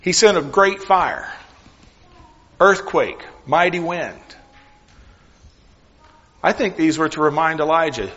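Male pastor, earnest sermon delivery with long pauses, fairly high husky voice, dull recording in a reverberant sanctuary. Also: expressive, bright, forceful tone. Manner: earnest, with deliberate pauses; drops to near whisper for emphasis.

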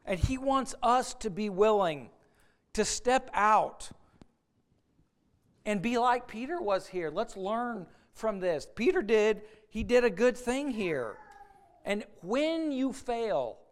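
A man delivering a sermon, earnest and plain-spoken, who stumbles and repeats words as he presses his point. His voice sits high and sounds clear and resonant. He slips into the voices of doubters to make his case. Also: big pitch swings, slow. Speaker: preacher.

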